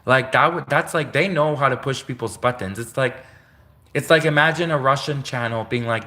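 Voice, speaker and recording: Young Canadian male vlogger, mid-range pitch, sarcastic indignant monologue. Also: moderate pace, sharp tone. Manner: indignant, sarcastic, repetitive ranting. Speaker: channel host. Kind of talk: ranting vlog monologue.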